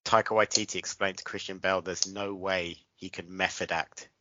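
A man's voice: low-pitched, fairly even intonation, a little fast, bright, forceful tone, dry recording, highs cut off. A man chatting casually as a podcast co-host, making dry jokes and wry asides. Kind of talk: casual chat.

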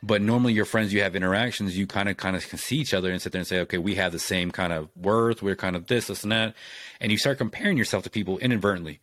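Fast-talking, low-voiced man ranting. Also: no room sound. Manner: fast, profane, animated rant. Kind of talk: casual chat.

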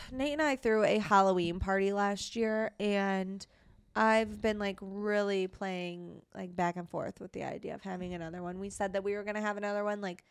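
A woman's voice: medium pitch, fairly even intonation, clean tone, no room sound, studio quality. A young woman co-hosting a podcast, telling stories in casual chat full of swearing and fillers. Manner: swearing, fast storytelling with lots of fillers. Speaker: podcast co-host.

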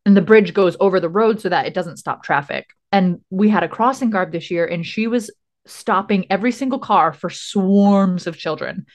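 A woman's voice: medium pitch, moderate pace. A woman co-hosting a podcast, chatting casually and laughing often as she rambles through explanations. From Rhode Island. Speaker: podcast co-host. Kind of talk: casual chat.

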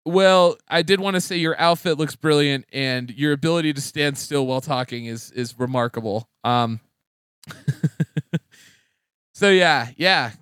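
A young man co-hosting a casual comedy podcast, rambling and excitable, laughing often. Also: a little high, measured pace, clean tone, no echo, clean studio sound. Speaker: podcast co-host.

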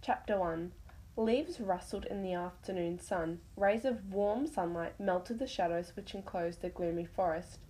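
A woman's voice: mid-range voice, darkish tone, rough recording. A woman reading her own animal story aloud, stumbling over words now and then.

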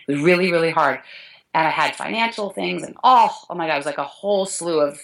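A woman's voice: sits low, fairly quick, a bit bright, poor audio. A middle-aged woman, a dance teacher, talking earnestly and emotionally in an interview, often restarting her sentences.

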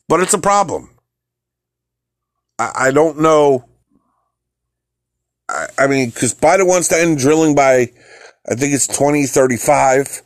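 A man's voice: a little high, no echo, clean studio sound. A man hosting a podcast, ranting about politics in a heated, profane way, with frequent repeated words and restarts. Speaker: podcast host. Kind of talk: opinionated political rant.

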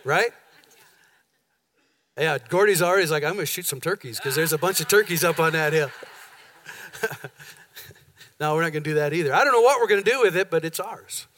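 A man's voice: a little high, fairly quick, pauses often. A pastor in a church sanctuary, telling a long story to his congregation in a conversational way, acting out the dialogue as he goes. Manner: conversational, animated retelling with quoted dialogue. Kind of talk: sermon storytelling.

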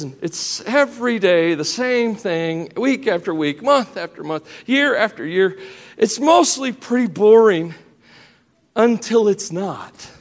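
A man's voice: high voice, in a large hall. A middle-aged man preaching a sermon in a folksy, joking way, talking straight to the congregation and the kids, his voice cracking a little. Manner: folksy, joking, addresses the congregation and children directly. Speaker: pastor. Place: church sanctuary.

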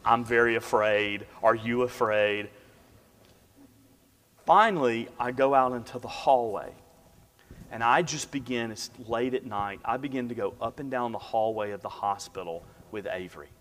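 A man preaching a sermon, telling a personal story and dropping to a hush for the quiet moments. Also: medium pitch, normal speed. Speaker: pastor. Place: church sanctuary. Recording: long hall reverb.

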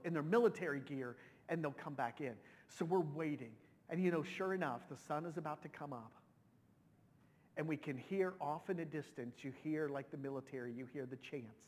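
Emotional preacher man in a reverberant hall. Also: a little high. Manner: emotional, conversational with many restarts. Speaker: pastor. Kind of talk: sermon storytelling.

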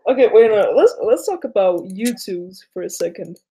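A man's voice: sits high, very animated, normal speed, dark tone, husky. A teenage guy from Denmark co-hosting a podcast, chatting loosely, giggling and swearing often. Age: teens. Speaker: podcast co-host. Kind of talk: casual chat.

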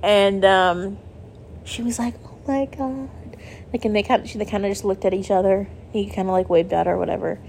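A woman's voice: medium pitch, fairly even intonation, fast talker, vocal fry, darkish tone, a little hiss or hum. Young adult woman, casual vlogger; chatty, emotional storytelling. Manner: chatty, heavy use of "like", emotional.

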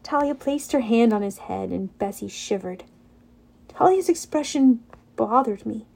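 High-voiced woman narrating an audiobook. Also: a little slow, vocal fry, slightly rough. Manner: expressive, voices characters.

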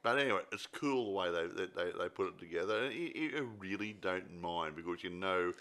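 A man's voice: deep voice, lively intonation, fairly quick, fairly bright tone. A man, chatting casually about a film and teasing his co-host with frequent laughs. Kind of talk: casual chat.

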